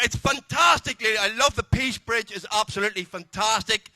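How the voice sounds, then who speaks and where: Guy doing crude after-dinner gags, high bright voice, dry sound. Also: a little fast, no room sound. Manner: cheeky, crude punchlines. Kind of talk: stand-up comedy at a dinner. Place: large dinner function room.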